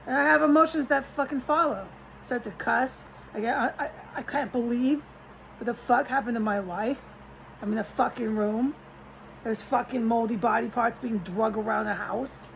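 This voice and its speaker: A woman's voice: fairly high pitch, normal speed, gravelly, slight background noise, poor audio. A woman vlogging from a rented room, talking in a rambling, frustrated way, cursing often and restarting her sentences. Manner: agitated, profane, trailing off and restarting.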